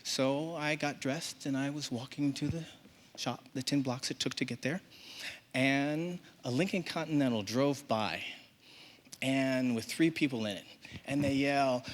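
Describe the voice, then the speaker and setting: A man reading a personal story live on a theater stage, expressive and humorous. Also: medium pitch. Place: theater stage before an audience.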